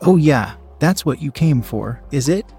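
A man reading the lines of a dominant adult lover in an audio story, low and demanding. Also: lively intonation, unhurried, dark tone, husky, faint music behind, exaggerated voice. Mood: commanding.

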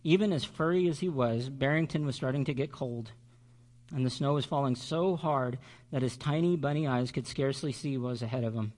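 A male pastor reading a children's story aloud during a sermon, expressive and measured. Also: mid-range voice.

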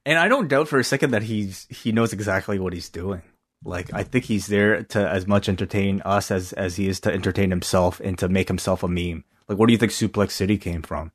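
Male podcast co-host, low-pitched, animated, reactive chat. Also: fairly quick. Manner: animated reactions, many restarts and fillers. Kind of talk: casual chat.

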